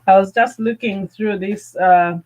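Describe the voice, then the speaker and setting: A woman hosting a live fragrance chat, gushing with excitement and greeting viewers by name. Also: mid-range voice, unhurried, lo-fi sound. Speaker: fragrance channel host.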